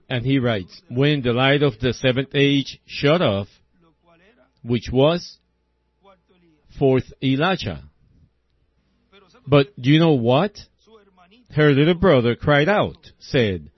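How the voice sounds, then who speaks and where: A man's voice: medium pitch, slightly rough, no echo. A middle-aged man preaching a sermon in a folksy, rhythmic way, often tagging his points with "see?". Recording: dull lo-fi old recording.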